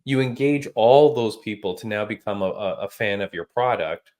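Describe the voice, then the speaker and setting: A man hosting a casual podcast chat, telling stories in an animated, emphatic way with casual slang. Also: fairly low pitch, moderate pace. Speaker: podcast host.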